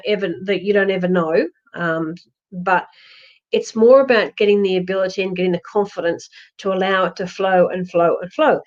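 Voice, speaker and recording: A woman of medium pitch, slightly mellow, works as a psychic medium, streaming readings live from home during a lockdown. The sound is dull, lo-fi livestream audio, and she rambles comfortingly with lots of fillers and restarts.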